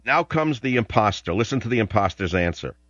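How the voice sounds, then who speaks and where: A man's voice: on the low side, expressive, a little fast, a bit bright, muffled recording. Older man ranting on talk radio. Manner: combative, rambling, ranting. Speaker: radio talk show host. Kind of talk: opinionated radio monologue.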